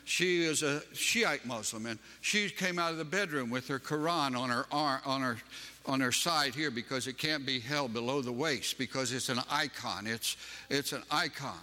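A man's voice: medium pitch, moderate pace, pushed and bright, in a large hall. A man from Western North Carolina with a Southern accent, preaching a sermon and telling a personal story with emphatic, rising delivery.

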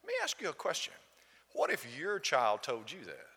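A man's voice: medium pitch, huge pitch swings, normal speed, vocal fry, sharp tone, slightly rough, in a large hall. A man preaching a sermon in a church, emphatic and full of rhetorical questions to the congregation. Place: church building.

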